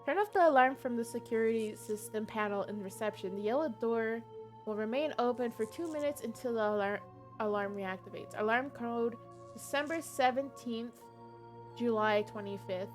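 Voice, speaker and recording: A woman's voice: a little high, moderate pace, soft background music. A woman streaming a game live, chatting casually and reading game text aloud.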